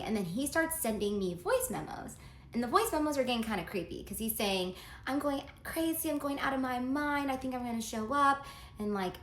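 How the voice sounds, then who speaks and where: A woman's voice: mid-range voice, pushed and bright, reverberant, a little hiss or hum. Chatty woman telling a dramatic story. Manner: chatty, dramatic retelling with quoted texts. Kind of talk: casual storytime vlog.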